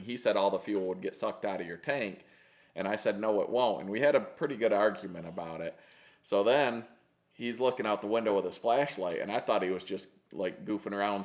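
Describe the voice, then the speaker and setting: Male storyteller, low voice, casual folksy chat, animated quotes. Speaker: pilot telling stories.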